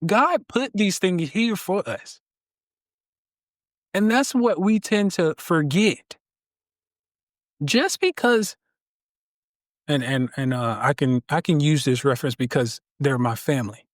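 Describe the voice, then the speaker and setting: Animated storytelling man with a preacher feel, bouncy pitch, dry close mic. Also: slow pace, long pauses, no echo. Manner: emphatic, draws out key words. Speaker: podcast guest.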